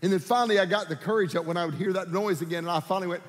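Male preacher, animated storyteller who acts out voices, slightly high pitch, recorded in a big echoing sanctuary. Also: fast talker, few pauses, shouting. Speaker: pastor. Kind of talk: sermon with personal storytelling. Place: church sanctuary.

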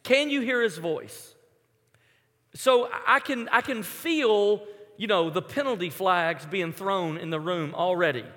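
A man's voice: high-pitched, measured pace, a bit bright. A young man preaching a sermon in a conversational, storytelling way. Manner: conversational, storytelling with acted-out quotes. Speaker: pastor. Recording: long hall reverb.

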